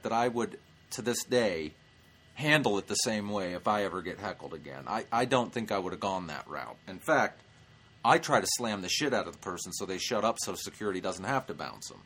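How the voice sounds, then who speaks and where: Brash, lively man telling a comic story. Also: on the low side, moderate pace, breathy edge. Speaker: stand-up comedian and show host.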